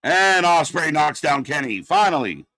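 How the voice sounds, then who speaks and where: A man's voice: fairly high pitch, big pitch swings, a little slow, bright, forceful tone, no room sound. Man ranting profanely over live wrestling. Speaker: live watch-party commentator. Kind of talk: unscripted live commentary.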